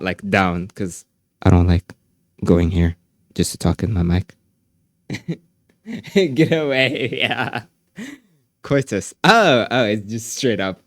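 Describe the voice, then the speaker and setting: A man's voice: fairly low pitch, dry recording, clean studio sound. A man streaming live, chatting casually with his viewers, joking, laughing often and filling his talk with "like".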